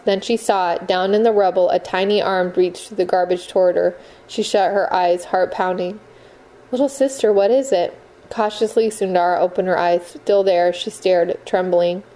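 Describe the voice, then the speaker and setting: A woman narrating a novel in a measured, expressive storytelling voice. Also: mid-range voice, rough recording. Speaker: audiobook narrator. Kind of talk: scripted narration.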